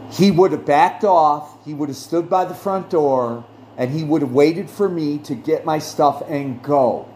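Slow, lively-pitched earnest male storyteller. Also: a little hiss or hum. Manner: earnest, emphatic, repeats phrases for stress. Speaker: podcast host. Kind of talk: personal storytelling monologue.

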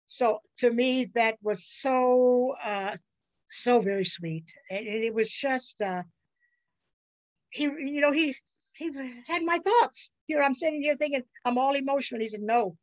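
An older woman from the USA, telling personal stories as an interview guest in an earnest, halting way with many restarts. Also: high-pitched, poor audio. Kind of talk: personal storytelling.

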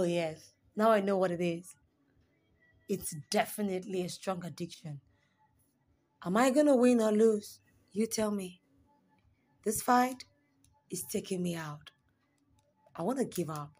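A young woman performing spoken word poetry, dramatic, swinging between raised pleading lines and hushed whispers. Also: medium pitch.

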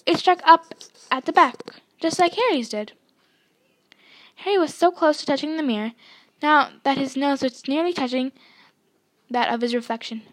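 High-voiced woman reading a story aloud. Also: moderate pace, long pauses. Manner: expressive storytelling, voicing dialogue. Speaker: reader.

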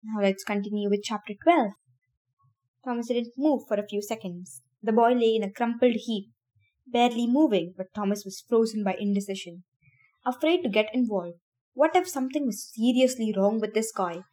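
A woman with a somewhat high voice reads a novel aloud for her podcast in a casual, friendly way. She keeps stepping out of the text to laugh and share her own thoughts with listeners before she picks up the reading again. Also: moderate pace, mellow. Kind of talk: casual read-aloud with chatty asides.

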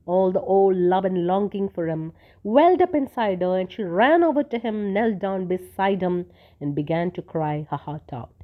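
A woman reading a short story aloud as narrator, telling it in a steady way. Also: medium pitch, normal speed. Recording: tinny phone-like sound.

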